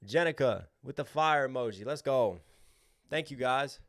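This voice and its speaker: A man's voice: medium pitch, lively intonation, moderate pace. A young man hosting a livestream, chatting casually and reading out viewer names and donations. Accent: American.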